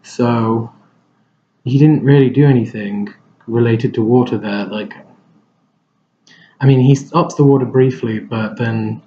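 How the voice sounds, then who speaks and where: A man's voice: mid-range voice, unhurried, long pauses, dark tone, lo-fi sound. A man giving a casual film review, rambling and hesitant, with lots of fillers and restarts.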